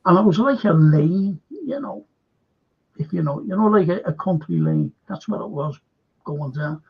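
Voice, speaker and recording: A man's voice: a little high, animated, moderate pace, vocal fry, slightly rough. An older man hosting a show, telling a rambling story in casual chat and repeating himself. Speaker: host. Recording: dull lo-fi stream audio.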